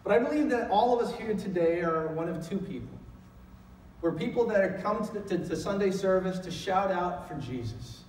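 A man's voice: high-pitched, animated, normal speed, a little mellow, echoey room, big-room sound, recorded from a distance, a little hiss or hum, poor audio. A middle-aged man preaching a sermon in church, with a conversational storytelling manner that climbs into emphatic calls. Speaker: pastor. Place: church sanctuary.

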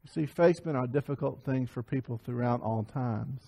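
A man preaching a Sunday sermon to his congregation, often repeating and restarting words and building to loud emphatic peaks. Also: medium pitch, moderate pace, creaky, breathy edge. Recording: sermon audio over slides.

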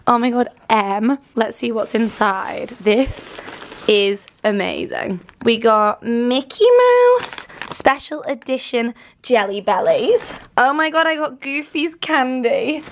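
Gushing British woman vlogger, slightly high. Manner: gushing, breathless excitement with many exclamations. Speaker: travel vlogger. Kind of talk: excitable travel vlog.

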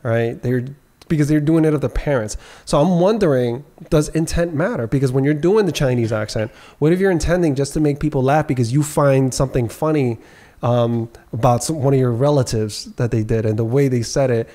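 A man hosts a relaxed podcast conversation, asking pointed questions. He talks in a halting way, with frequent false starts. His voice sits at an ordinary middle pitch. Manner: halting, many restarts, probing questions. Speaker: podcast host. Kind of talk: casual podcast chat.

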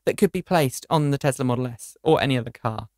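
A woman hosting a car news podcast panel, talking in a playful, animated way. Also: very deep voice, quick pace, no room sound, clean studio sound. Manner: animated, playful, lots of restarts and laughs. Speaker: podcast host.

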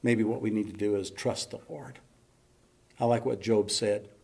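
Gravelly preacher man delivering a sermon. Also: on the low side, fairly even intonation, normal speed. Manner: folksy preaching, building to loud emphatic peaks. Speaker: pastor. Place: church sanctuary.

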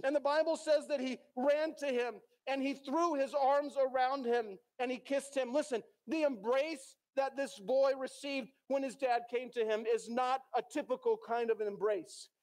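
A man's voice: extremely high pitch, steady tone, moderate pace, few pauses, a little mellow. A male pastor preaching a sermon in a church, telling a story dramatically and acting out the characters' lines.

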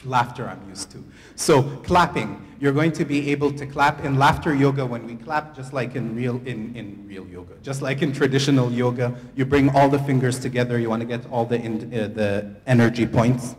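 A man's voice: mid-range voice, moderate pace. A man leading a laughter yoga workshop for a live group, playful and coaxing, speaking into a handheld microphone. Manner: playful, upbeat, coaxing a crowd. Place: large hall before a live audience. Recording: echoey hall, faint crowd noise.

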